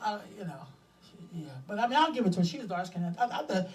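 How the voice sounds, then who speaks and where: Woman, 50s, co-host. Blunt, animated, laughs often, a bit off-mic. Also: medium pitch, quick pace, recorded from a distance. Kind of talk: casual chat.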